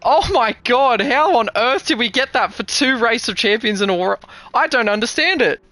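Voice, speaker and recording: A man calling a sim racing league final live, as its host, excitable and climbing toward shouting as the race tightens. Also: very high voice, normal speed, no echo. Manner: excitable, builds to shouting at the finish.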